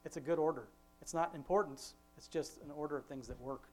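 A father leading an informal family devotion, talking in a rambling, conversational way with many restarts, and slowing down to quote scripture with emphasis. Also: fairly high pitch.

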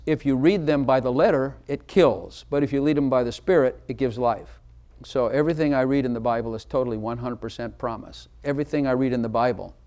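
A man delivers a sermon to a congregation, hammering his points with emphasis. He stops often to ask listeners questions directly and waits for answers. His voice sits at an ordinary middle pitch. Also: a little mellow. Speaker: pastor.

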